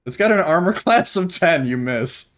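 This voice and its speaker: A man's voice: a little high, sing-song, moderate pace, a bit bright. A young man narrating as game master in a casual tabletop session, rambling loosely with fillers.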